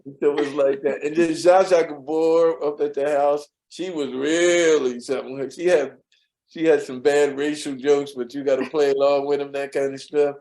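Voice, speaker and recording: A man's voice: a little high, steady tone, normal speed, dark tone, rough recording. A man telling stories from his years as a studio assistant in an interview, rambling with frequent fillers and restarts. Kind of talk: storytelling interview.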